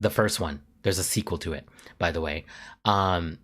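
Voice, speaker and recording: A man's voice: deep voice, normal speed, a bit bright. A man streaming live in casual chat, rambling off on tangents and stammering through restarts with a dramatic, self-aware delivery.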